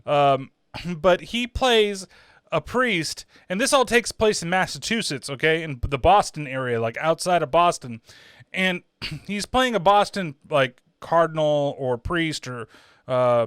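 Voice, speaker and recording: A man hosting a horror podcast, giving a casual film review, animated, laughing often and swearing casually. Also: on the high side, a little slow, clear, resonant tone, no room sound, clean studio sound.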